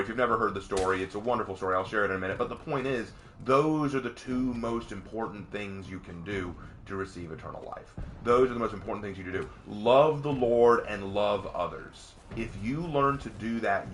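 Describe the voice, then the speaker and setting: A man streaming live, casually answering viewer questions at length, sometimes ranting with rising excitement and sometimes explaining earnestly with restarts. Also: on the low side. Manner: rants with rising, excited emphasis.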